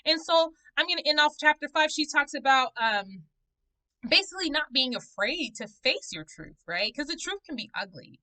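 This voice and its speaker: A woman, talking to camera in a casual vlog about her own healing, animated and conversational, with playful asides. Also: high voice, normal speed, poor audio. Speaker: vlogger reviewing a book. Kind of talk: casual personal vlog talk.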